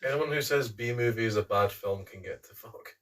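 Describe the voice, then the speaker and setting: A man's voice: medium pitch, brisk, a bit bright, far from the mic. A Scottish man joking bluntly in a casual quiz chat.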